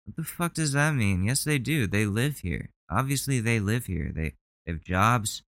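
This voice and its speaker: A man's voice: fairly low pitch, lively intonation, normal speed, a bit bright, no echo. A man hosting a casual reaction commentary, talking in an indignant, profane, rambling way. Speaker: commentary host.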